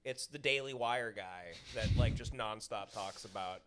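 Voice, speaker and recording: A man giving halting, wry remarks as a guest on a casual podcast. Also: lowish voice, a bit bright, slight background noise.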